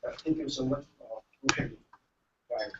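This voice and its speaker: Halting man announcing a program. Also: mid-range voice. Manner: halting, many hesitations, sincere. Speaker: forum organizer. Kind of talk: formal announcement. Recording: distant dull mic with faint noise.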